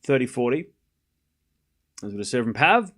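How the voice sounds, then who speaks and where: A man's voice: medium pitch, sing-song, moderate pace, fairly bright tone. A young Australian man giving casual, self-deprecating live tennis commentary to his stream chat.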